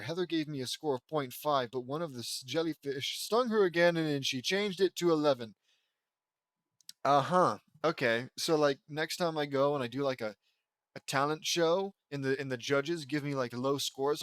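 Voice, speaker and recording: A man's voice: on the high side, a bit bright, no echo. A man reading fan fiction aloud for comedy, breaking off into sarcastic, mocking asides. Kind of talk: comedic dramatic reading with commentary.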